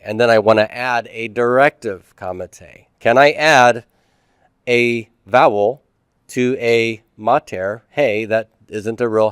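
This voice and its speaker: Man explaining slowly, smooth dry voice. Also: medium pitch, no room sound. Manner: explains step by step, asks and answers own questions. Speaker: teacher. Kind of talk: classroom lecture.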